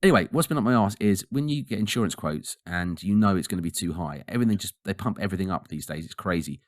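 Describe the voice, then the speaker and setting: A man co-hosting a podcast in casual chat, animated and ranting, often laughing. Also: deep voice, quick pace, no echo. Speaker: podcast co-host.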